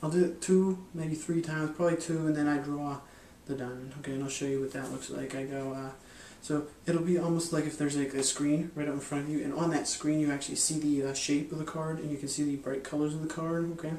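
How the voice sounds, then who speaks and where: Guy explaining a card trick, rambly and flat, kinda highish voice, echoey room, mic a ways off. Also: fairly quick, few pauses, recorded from a distance, slight background noise. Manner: rambling, hesitant, with many fillers and restarts. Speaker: magic and hypnosis instructor. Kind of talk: casual instructional explanation.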